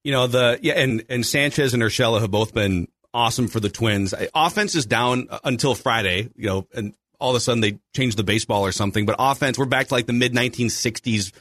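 A man's voice: mid-range voice, brisk, few pauses, a bit bright, dry recording. A man hosting a sports podcast in a dry, close-miked recording. He is chatty and analytical, weighing player numbers and front-office moves. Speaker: podcast host. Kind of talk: casual sports chat.

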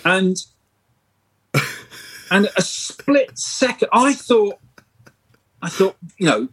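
Middle-aged man, husky voice, slightly high-pitched, rambling anecdotal podcast guest. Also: drawn-out words, low-quality recording. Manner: animated, rambling anecdotal storytelling. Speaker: guest screenwriter. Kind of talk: casual podcast interview.

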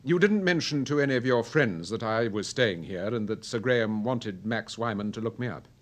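An actor playing an urbane amateur detective in a radio drama, calm and probing. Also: male voice, fairly low pitch, normal speed. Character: cool-headed male amateur detective, urbane and dry.

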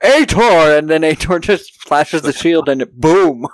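Swearing freely and joking, a film podcast co-host acts out characters' dialogue as he walks through the plot in a casual review. His voice is a little high, his speed normal, and the recording dry.

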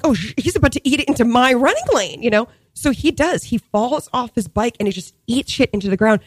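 A woman in her thirties telling a story in casual chat, animated, packed with fillers, laughing often. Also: fairly high pitch, no room sound.

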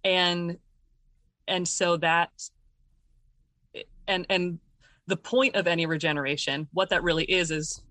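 A woman answering interview questions in a thoughtful, searching way, pausing often with fillers and restarting her sentences as she explains ideas. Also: lowish voice, steady tone, fairly bright tone, no room sound. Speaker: interview guest. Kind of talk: reflective conversational explanation.

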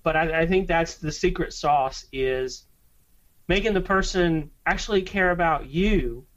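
A podcast co-host chats in an easygoing, rambling way, often restarting his sentences during casual conversation. His voice is on the high side, a little slow, and a bit bright, and the lo-fi audio sounds slightly muffled.

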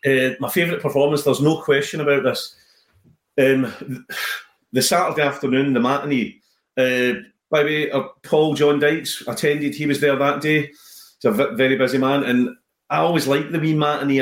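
A Scottish man tells stories with animated energy, often restarting his sentences. His voice sits at a middle pitch. The recording has a roomy echo. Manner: animated storyteller, many restarts. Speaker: comedian guest. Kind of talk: casual chat.

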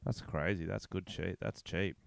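A man's voice: sits low, moderate pace, creaky, no echo. A man co-hosting a comedy podcast over a video call, crude and playful, trading jokes and trash talk. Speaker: podcast co-host. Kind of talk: casual comedy chat.

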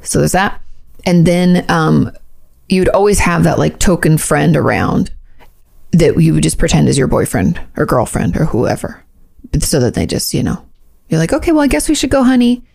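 A woman hosting a casual chat show, chatty and expressive, laughing easily. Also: deep voice, moderate pace, gravelly, slightly rough. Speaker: host.

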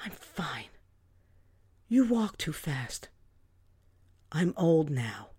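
A woman voicing her tired mother in her sixties, who speaks in a hushed, breathless, dismissive way. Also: deep voice, sing-song, drawn-out words, slightly rough, no room sound, studio quality, exaggerated voice. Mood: breathless denial. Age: 60s. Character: tired older mother in denial.

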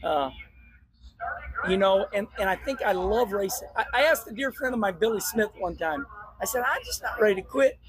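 High-pitched older man, choked up. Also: animated, moderate pace, fairly bright tone. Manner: choked up, exuberant, repeats himself. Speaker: race car driver. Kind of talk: emotional post-race talk and vlog. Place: outdoor racetrack. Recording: noisy outdoor racetrack recording.

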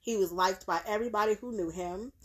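A woman co-hosting a casual podcast, recounting a true crime case in a relaxed way with fillers and frequent agreeing yeahs. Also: medium pitch, fast.

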